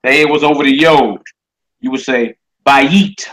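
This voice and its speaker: A man's voice: mid-range voice, moderate pace, rough recording. A man, teaching a casual live-streamed class and chatting with viewers as he goes. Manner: relaxed, chatty, talks to viewers as family.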